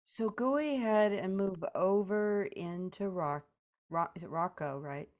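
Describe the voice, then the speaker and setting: A woman therapist leading a session, gently prompting and directing her client step by step. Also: lowish voice, unhurried, a little hiss or hum.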